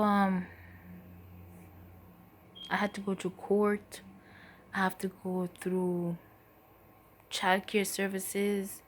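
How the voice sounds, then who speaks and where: A woman giving a personal testimony as a mother, in a soft, halting, emotional way that often trails off. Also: medium pitch, a little hiss or hum. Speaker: mother telling her story.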